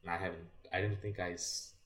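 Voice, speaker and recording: A man's voice: low-pitched, a little fast. A man in his twenties telling a sports story in casual chat, acting out what he said back then and filling his talk with "like". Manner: animated, acts out his own past remarks, many "like" fillers. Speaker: podcast guest, former college baseball player. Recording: echoey room, voice distant from mic.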